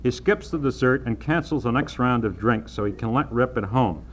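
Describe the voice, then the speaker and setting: A man voicing a loud, pushy middle-aged businessman who talks like a salesman. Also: mid-range voice, normal speed, slight background noise, natural voice. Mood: boastful. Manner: brash, blustering salesman talk.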